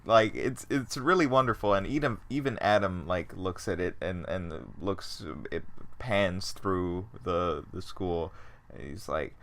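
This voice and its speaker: A man's voice: deep voice, unhurried, a bit bright, a little hiss or hum. A man co-hosting a casual podcast, animatedly retelling scenes and acting out quotes. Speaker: podcast co-host. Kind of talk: casual chat.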